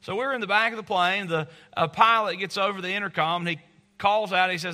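Middle-aged pastor guy preaching, high bright voice, tells stories with lots of drama. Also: quick pace. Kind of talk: sermon.

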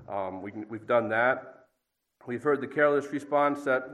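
A man's voice: mid-range voice, normal speed, low-quality recording. Middle-aged man, preacher, reading scripture and talking it through plainly, mid-range voice. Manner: plain, conversational, with fillers and a dry aside. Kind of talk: reading scripture and giving a short devotional talk.

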